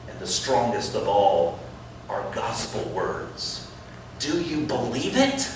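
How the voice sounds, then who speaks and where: A middle-aged man preaching in a school chapel, acting out quoted voices and swinging from loud to hushed. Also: lowish voice, sing-song, takes it slowly, noisy background. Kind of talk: sermon. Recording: echoey hall voice from far off.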